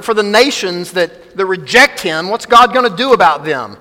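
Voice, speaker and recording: A man with a high, bright, forceful voice preaches a sermon, pressing his points by repeating short phrases and reading scripture aloud. His voice rings with the long reverb of a large church hall. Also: lively intonation, moderate pace, few pauses. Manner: emphatic, repeats key phrases, quotes scripture. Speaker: pastor.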